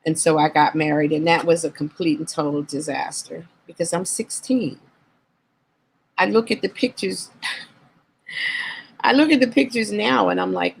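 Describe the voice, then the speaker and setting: A woman guest on an interview show, candidly recounting her life in an earnest, reflective way and slowing down on painful memories. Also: lowish voice, gravelly, slight background noise, poor audio. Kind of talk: candid personal storytelling.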